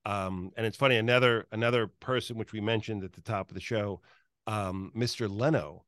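A man hosting an interview who speaks haltingly, with many fillers and repeated words. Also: on the low side, fairly even intonation, fairly bright tone, no room sound, studio quality. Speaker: interview host. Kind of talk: casual interview chat.

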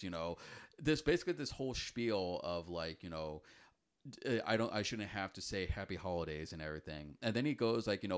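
Low-voiced man rambling in casual chat. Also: fairly quick, smooth. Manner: rambling, many fillers and restarts. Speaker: podcast co-host.

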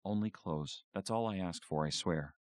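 A man's voice: low-pitched, normal speed, dry recording, pitched above the performer's own voice, natural voice. A man voicing an anxious boy who keeps protesting his innocence. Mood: defensive. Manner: defensive, pleading. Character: nervous boy, defensive and anxious.

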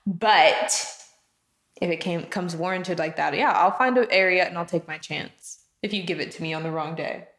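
A woman in casual, explicit chat, talking in an animated way, swearing and laughing often. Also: lowish voice, normal speed. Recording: echoey room.

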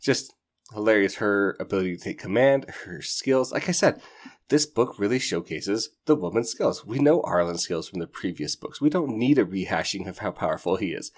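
A man's voice: lowish voice, lively intonation, normal speed. A man hosting a book podcast, chatting casually and enthusiastically in a rambling way, retelling scenes with laughing asides. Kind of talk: casual book review chat.

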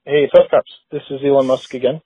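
A man's voice: medium pitch, flat delivery, brisk, mellow, slightly rough, no room sound, lightly acted. A man doing a blustery billionaire's voicemail on a phone line. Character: impression of a famous tech billionaire leaving a voicemail.

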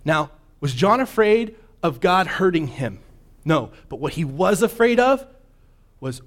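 A man preaching a sermon in a conversational way, often checking in with his listeners and slowing down to read scripture with emphasis. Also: fairly high pitch, sing-song.

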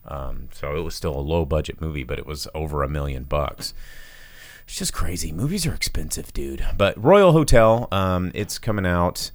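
A man co-hosting a podcast, chatting casually about movies, rambling and laughing often. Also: normal speed. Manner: rambling, laughs often, animated swings in pitch. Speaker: podcast co-host.

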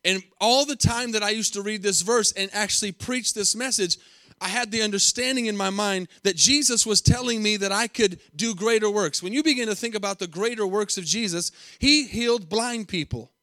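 Pastor guy preaching, kinda high voice, super dry close sound, keeps repeating himself for emphasis. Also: moderate pace, bright, forceful tone, no echo. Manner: emphatic preaching with repetitions and rhetorical questions. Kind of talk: sermon.

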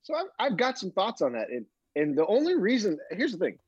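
A man co-hosting a casual golf chat, talking his opinions through in a measured way with a slightly high voice. The sound is dry and a little muffled. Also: wildly swooping pitch, a little mellow, breathy edge, dry recording. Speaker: podcast co-host.

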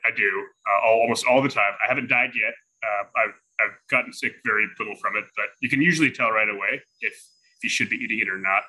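A man's voice: on the low side, bright, forceful tone, slightly rough, poor audio. A man, a chef guest, chatting casually and teasingly with frequent restarts. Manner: fast, laughing, teasing. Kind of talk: casual chat.

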